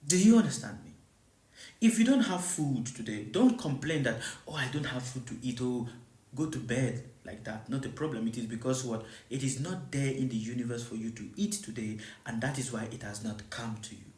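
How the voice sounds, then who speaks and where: Warm in tone and mid-range in pitch, the teacher's voice moves at a moderate pace and sounds roomy. During this live spiritual teaching, points get repeated and the audience is asked repeatedly, as a rhetorical question, whether they understand, all in an emphatic, repetitive preaching style.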